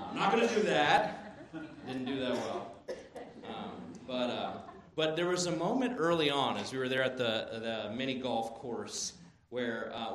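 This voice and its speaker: Animated male pastor in an echoey church. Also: medium pitch. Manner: animated, swings from soft asides to loud emphatic bursts. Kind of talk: sermon. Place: church sanctuary.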